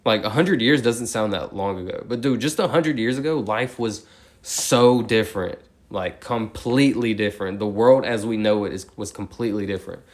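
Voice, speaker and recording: A young man steadily counting numbers out loud, breaking off now and then to ramble casually. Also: fairly low pitch. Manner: steady rapid number recitation, rambling slangy tangents. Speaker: streamer counting aloud. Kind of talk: monotone counting with casual asides.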